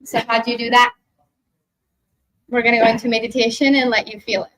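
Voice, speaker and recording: A woman's voice: on the high side, brisk. A woman giving a live workshop talk in an expo hall, turning to the audience with "right?" and leading a guided meditation. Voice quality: animated, talks to the audience directly with frequent "right?". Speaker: workshop speaker.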